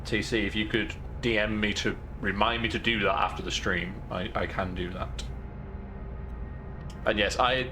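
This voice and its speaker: A man's voice: lowish voice, background noise. Joking man streaming a game. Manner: chatty, joking, sarcastic. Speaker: gaming streamer. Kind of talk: casual let's-play commentary. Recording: game music behind.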